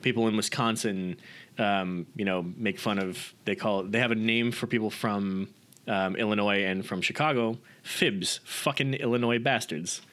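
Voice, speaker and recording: A man's voice: fairly low pitch, moderate pace, a bit bright. A man from the United States in casual chat, easygoing, often adding "right" and "um". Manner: easygoing, uses fillers like right and um.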